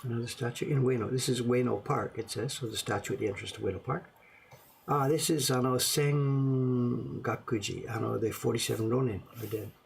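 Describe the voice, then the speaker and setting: Gravelly-voiced man musing over old prints. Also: medium pitch, steady tone, brisk, a little hiss or hum. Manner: rambling, musing aloud, self-deprecating. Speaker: print collector showing his collection. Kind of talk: casual show-and-tell to camera.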